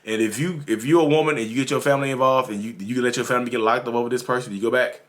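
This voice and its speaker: Hosting his own channel, a North Carolina man with a Southern drawl gives casual advice at a very fast clip. His voice is medium-pitched with fairly even intonation, and he talks to viewers earnestly, repeating himself.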